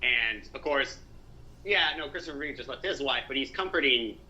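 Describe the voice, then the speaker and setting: A man's voice: medium pitch, expressive, normal speed, bright, forceful tone. A young man co-hosting a podcast, chatting casually and enthusiastically about films, with occasional swearing. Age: young adult. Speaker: podcast co-host. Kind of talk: casual film chat. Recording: dull lo-fi sound with faint noise.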